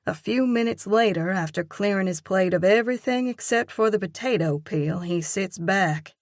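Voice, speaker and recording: A woman narrating a romance audiobook in the first person, with a measured, expressive reading. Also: lowish voice, dry recording, studio quality.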